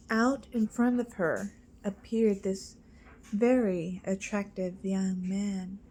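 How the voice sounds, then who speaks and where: Slow, halting woman telling a joke. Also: mid-range voice, mellow. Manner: halting, with many fillers and restarts. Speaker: storyteller.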